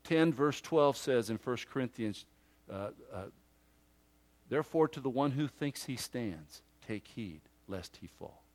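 A male pastor preaching a sermon emphatically, swinging from loud declarations to hushed asides and acting out imagined listeners. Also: medium pitch, animated, a little slow.

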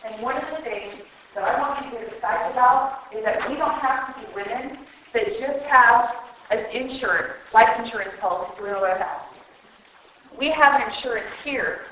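A woman's voice: fairly high pitch, a little fast, fairly bright tone. A woman preaching at a women's conference, earnest and emotional, speaking straight to her audience through a microphone. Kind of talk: sermon. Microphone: handheld microphone. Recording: very echoey hall.

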